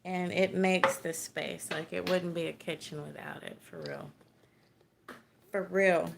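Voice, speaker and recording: A Texan woman chats in a slow, unhurried drawl as she livestreams from her small home. Her voice carries a gravelly fry. A faint hiss of noise sits behind her. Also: on the low side, fairly even intonation. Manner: laid-back, chatty, laughs often, swears, greets viewers. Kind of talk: casual livestream chat.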